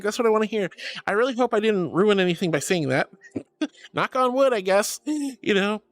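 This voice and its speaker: Chatting loosely with her audience, this streamer reads viewer messages aloud at a moderate pace. She swings from soft, low-pitched reflection to shrill squeals of excitement.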